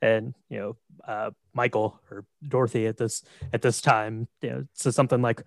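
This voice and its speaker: A man co-host walks through a film's plot in a relaxed, easygoing manner, often murmuring agreement. His voice is mid-pitched and the recording is dry and close. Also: moderate pace, vocal fry, few pauses, dry recording. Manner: relaxed, agreeable, frequent affirmations. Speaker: podcast co-host. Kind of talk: casual chat retelling a film.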